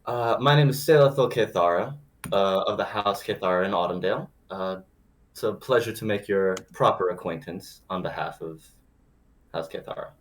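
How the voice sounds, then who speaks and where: A man's voice: on the low side, moderate pace. A man playing a tabletop game, speaking in formal, flowery courtly phrasing as his character. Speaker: player. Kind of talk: in-character role-play.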